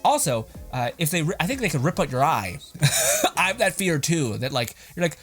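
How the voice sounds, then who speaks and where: A young man chatting over clips in a casual reaction commentary, his pitch bouncing all over the place and sitting a touch high for a man. He rambles, laughs a lot and swears freely. Faint music plays underneath. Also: sing-song, fairly quick, fairly bright tone. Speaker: host reacting to videos.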